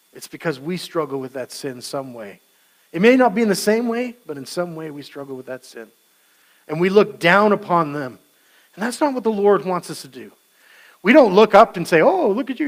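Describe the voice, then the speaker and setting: A man's voice: high voice, a bit bright. A male pastor giving a conversational sermon, casual and joking and acting out scenes.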